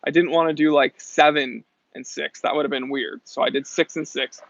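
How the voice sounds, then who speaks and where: A man's voice: on the high side, steady tone, normal speed, gravelly, fairly bright tone, dull audio, slight background noise. A young adult man hosting a casual live stream, reading out viewer comments in an upbeat, chatty way. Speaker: host.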